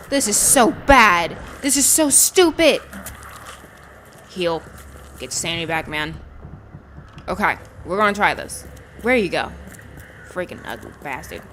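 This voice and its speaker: A woman's voice: mid-range voice, pushed and bright, a little hiss or hum. Exasperated woman commenting on a game. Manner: exasperated, talks to the game characters. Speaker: gaming streamer. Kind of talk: let's-play commentary.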